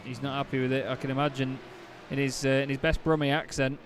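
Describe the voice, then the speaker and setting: A man doing play-by-play commentary on a sim race, chatty and quick to correct himself, getting excited at incidents. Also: medium pitch, background noise.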